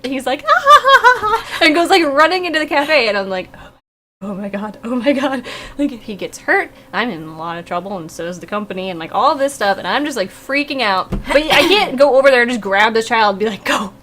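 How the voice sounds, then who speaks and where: A young woman streamer in casual chat, telling funny stories with an animated, laughing delivery. Her voice sits high and swings widely in pitch. It has a bright edge over faint background hiss. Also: a little fast. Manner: animated storytelling, laughing often.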